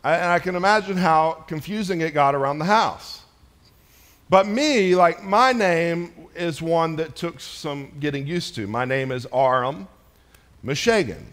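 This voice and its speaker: A man's voice: on the high side, unhurried, fairly bright tone. A middle-aged man preaching a sermon in a casual, joking way, speaking directly to his congregation. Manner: conversational and joking, addressing a congregation. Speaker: pastor.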